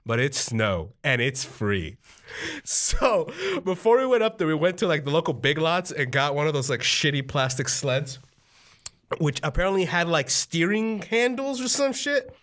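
A man's voice: on the high side, normal speed, fairly bright tone. A man co-hosting a casual podcast, telling a story animatedly, acting out quoted family members and laughing often. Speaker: podcast co-host.

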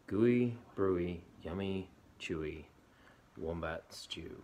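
A man gently reading a picture book aloud to a child at bedtime. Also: low voice, expressive, slight background noise. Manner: gentle, unhurried storybook reading.

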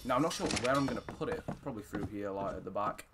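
A young man giving casual, excitable gameplay commentary, swearing often and shouting when surprised. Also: fairly low pitch, fast talker, very noisy. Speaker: gaming YouTuber.

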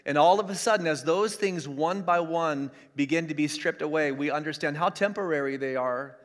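Here the pastor, a middle-aged man, speaks a little high at normal speed during an online church service. Emphasis comes through repetition of key lines, and the hall's reverb lingers long.

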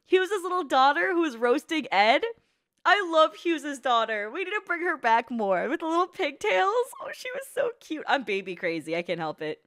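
A woman's voice: high-pitched, big pitch swings, normal speed, a bit bright. A woman commenting casually while reacting to an anime, teasing, swearing and laughing often.

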